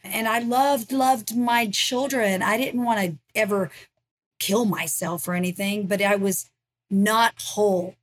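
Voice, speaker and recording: Appearing as an interview guest, a middle-aged ministry founder recounts her personal testimony in an earnest, emotional storytelling manner. Her pitch is mid-range for a woman, her tone steady, and her pace unhurried.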